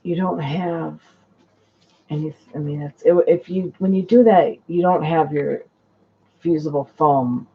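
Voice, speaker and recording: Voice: medium pitch, a little slow, slightly rough. Rambling lo-fi sewing-stream host. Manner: rambling, trails off and restarts mid-sentence. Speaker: sewing vlogger on a live stream. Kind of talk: casual live-stream chat while sewing. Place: home sewing space. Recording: dull lo-fi live-stream audio.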